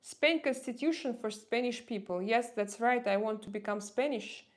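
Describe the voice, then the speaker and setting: A woman's voice: a little high, normal speed. Russian lady rambling on her livestream, heavy accent, lots of uhs and restarts. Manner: hesitant, many fillers and restarts, outspoken. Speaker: live-stream host. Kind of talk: casual live-stream chat reading viewer comments.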